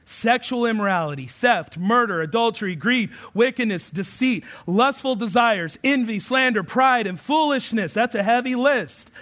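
A man's voice: high voice, fairly bright tone. A pastor in his thirties preaching an Easter sermon in a conversational, humorous way, telling stories and rising into emphatic points.

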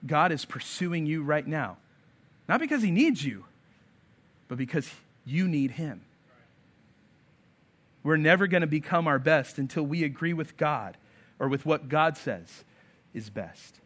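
A male pastor preaching with an emphatic delivery, slipping into voices for the people he quotes. His voice sits fairly high and sounds bright and forceful. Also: lively intonation, measured pace, long pauses. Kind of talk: sermon.

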